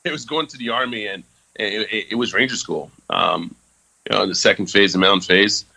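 Speaking fairly quickly in a lowish, gravelly, husky voice with a sharp edge, this Army veteran guest gives a frank account loaded with fillers and occasional profanity. The recording has no echo and is low in quality.

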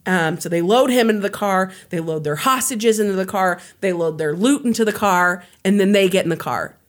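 A woman co-hosting a podcast, telling a true crime story in a casual, animated way, with lots of filler words and the odd swear. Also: medium pitch, brisk.

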